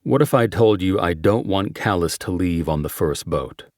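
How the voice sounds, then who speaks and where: A calm, terse sheriff's deputy, read by a male narrator in a very deep voice. His lines are short and measured, recorded dry and close. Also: no room sound.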